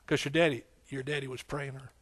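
A man's voice: mid-range voice, little pitch movement, fairly quick, breathy edge. A man preaching a folksy, conversational sermon, with frequent amens and hallelujahs. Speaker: pastor.

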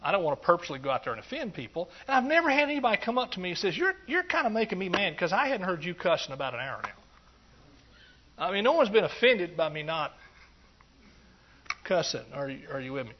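Man, middle-aged, pastor, folksy joking sermon, high voice, muffled lo-fi recording. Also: brisk. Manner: folksy and joking, with animated outbursts of praise. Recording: dull lo-fi sound.

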